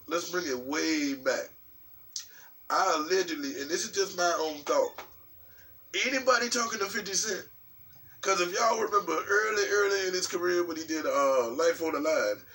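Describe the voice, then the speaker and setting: A man from New York talking in a casual, rambling commentary vlog, profane and animated, with frequent restarts. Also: on the high side. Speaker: vlogger. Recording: distant mic with faint background noise.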